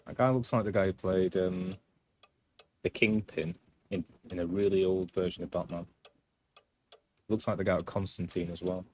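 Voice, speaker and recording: A man's voice: deep voice, steady tone, normal speed, long pauses, a little mellow, a little hiss or hum. A man doing casual gameplay commentary on a live stream, rambling and self-deprecating as he chats.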